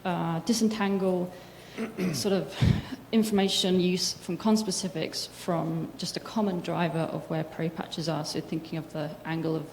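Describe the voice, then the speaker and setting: A woman's voice: fairly low pitch, steady tone, measured pace, few pauses, a little mellow. Hesitant woman asking a question from the audience. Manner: hesitant, searching for words, many fillers. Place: lecture hall. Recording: echoey hall with faint noise.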